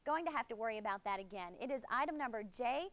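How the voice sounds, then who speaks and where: A woman's voice: on the high side, expressive, quick pace, no echo. A young woman with an Alabama Southern accent, a host candidate talking earnestly and demonstrating a product on air. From Alabama, USA. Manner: upbeat, earnest, warmly persuasive. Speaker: host candidate, news anchor.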